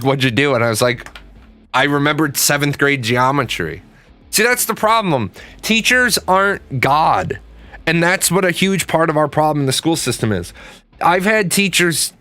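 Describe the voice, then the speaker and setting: A man's voice: a little high, fairly bright tone, no echo. A middle-aged man giving a casual opinion monologue and telling stories, blunt and emphatic, swearing freely. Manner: tells stories, acting out the quoted people. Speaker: video host.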